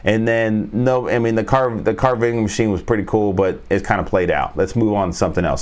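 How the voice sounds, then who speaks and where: A man hosting a casual trading stream, rambling and joking as he talks viewers through stock charts. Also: on the low side. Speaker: trading coach and stream host. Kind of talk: casual market commentary.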